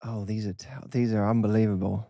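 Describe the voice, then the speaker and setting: A man from England with a Cockney accent, a guest chatting in an interview, jokey, self-deprecating and quick to laugh. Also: on the low side, level tone, gravelly, warm tone, no echo. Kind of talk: casual interview chat. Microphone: studio microphone.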